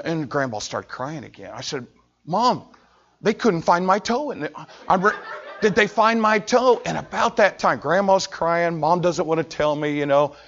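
Animated American preacher telling a story. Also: male voice, on the high side. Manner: animated, acts out voices in his story, laughs often. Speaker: pastor. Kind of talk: storytelling sermon. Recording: dull lo-fi recording.

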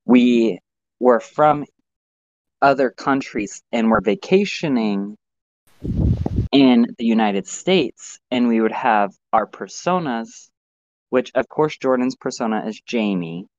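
A man's voice: medium pitch, animated, slow pace, a little mellow, dull audio. A man telling a rambling story in casual podcast chat.

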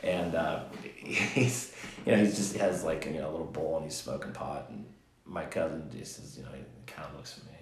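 A man's voice: rumbling low, steady tone, normal speed, a little hiss or hum. A man hosting a podcast, telling a long casual story that rambles with restarts and "he's like" asides. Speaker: podcast host. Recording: echoey room.

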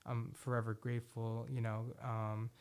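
A man's voice: mid-range voice, completely flat delivery, moderate pace, a little mellow, clear, resonant tone. A man hosting a podcast in casual chat, rambling with many restarts and fillers, swearing freely and sounding enthusiastic. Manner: enthusiastic about music predictions. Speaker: podcast host. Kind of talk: casual solo talk.

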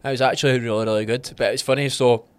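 A Scottish man telling lively stories on a podcast, voicing other people's lines with plenty of laughter. His voice sits at an ordinary male pitch, and the sound is dry and close with no room around it. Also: rapid-fire, clean tone, dry recording. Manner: animated storyteller who acts out quotes and laughs often. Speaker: podcast co-host. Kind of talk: casual chat.

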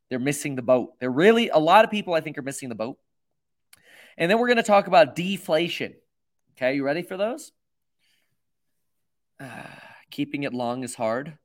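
A man hosting a livestream, rambling and self-mocking with lots of fillers. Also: mid-range voice. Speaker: host. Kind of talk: livestream commentary.

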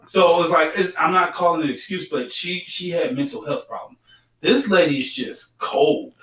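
A man's voice: on the high side, normal speed, fairly bright tone, recorded from a distance. A middle-aged man co-hosting a podcast, talking bluntly and repeating his points in casual chat. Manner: blunt, preachy, repeats himself. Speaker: podcast co-host. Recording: roomy sound, set back from the mic.

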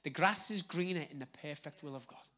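A man with a Liverpool accent preaching a live sermon on a handheld microphone, conversational and swinging between loud emphasis and hushed asides. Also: a little high, brisk. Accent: Liverpool (Scouse). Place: church hall with congregation.

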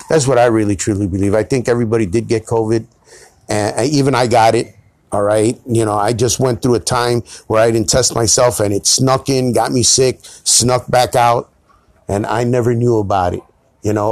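A man's voice: mid-range voice, darkish tone, no echo. A middle-aged man, hosting a solo podcast in a rambling, self-deprecating way with some swearing. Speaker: podcast host.

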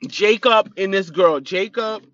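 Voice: mid-range voice, unhurried, a bit bright, lo-fi sound. A speaker giving blunt, opinionated casual commentary on a reality show, stressing points by repeating them.

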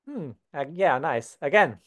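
A young Swiss man teaching beginners basic German, calm and patient, slowing down to model each word. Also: fairly high pitch. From Switzerland. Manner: patient, slows down to model words. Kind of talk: beginner language lesson.

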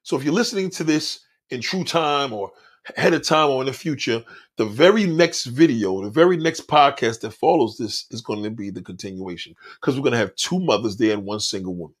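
A man's voice: medium pitch, lively intonation, a little fast, slightly rough. A man hosting his own podcast, talking in a blunt, profane, preachy monologue straight to his listeners. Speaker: podcast host. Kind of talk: casual monologue on a livestream.

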